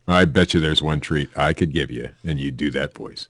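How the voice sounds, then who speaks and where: A man with a very low voice co-hosts a loose, comedic podcast, reading odd news stories aloud and breaking off for asides. The sound is dry and close to the mic. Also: normal speed, dry recording. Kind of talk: casual comedic news chat.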